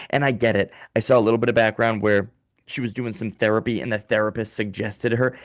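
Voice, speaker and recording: A man in an office doing a casual comedy monologue, swearing and ranting in an animated way. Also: medium pitch, fast talker, gravelly, dry recording, studio quality. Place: small rented office.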